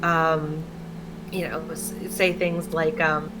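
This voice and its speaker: A woman's voice: low-pitched, little pitch movement, slow pace, background noise. A woman talking candidly in a casual chat, rambling and laughing often. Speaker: stream co-host.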